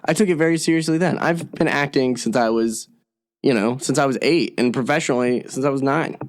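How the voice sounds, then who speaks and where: A man's voice: mid-range voice, fairly quick. A young man, an actor, co-hosting a comedy podcast, telling stories with lots of swearing and acted-out quotes. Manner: animated, profane, acts out quotes. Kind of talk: casual comedy chat, storytelling.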